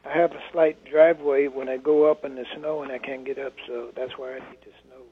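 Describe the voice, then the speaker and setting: A man's voice: mid-range voice, flat delivery, brisk, slightly rough. A man calling in to a radio show, talking plainly and hesitantly with many fillers. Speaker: caller. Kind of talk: phone-in call. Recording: tinny phone line.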